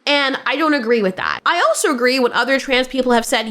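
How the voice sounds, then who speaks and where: A woman with a high voice delivers opinionated commentary in a blunt, sarcastic way. She laughs often as she talks. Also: a little fast, few pauses, fairly bright tone. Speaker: commentary host.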